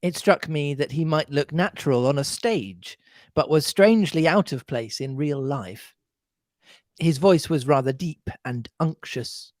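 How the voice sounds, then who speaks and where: A podcast co-host reading a classic mystery aloud in an expressive, animated way. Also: medium pitch, measured pace, no echo. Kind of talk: reading a novel aloud with chat.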